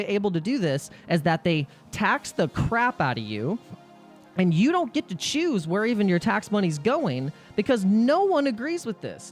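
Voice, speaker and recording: A man hosting a crypto live stream, talking in an excitable, rambling rant full of restarts. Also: high-pitched.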